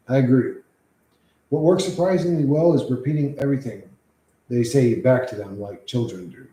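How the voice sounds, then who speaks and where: A man's voice: mid-range voice, moderate pace, mellow. A man chatting on a casual livestream, rambling and swearing freely as he reacts to chat. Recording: echoey room.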